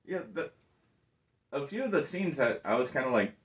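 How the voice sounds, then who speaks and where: Laid-back male co-host, halting delivery, slightly distant mic. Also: mid-range voice. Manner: relaxed, halting, searches for words. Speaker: podcast co-host. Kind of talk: casual movie review chat.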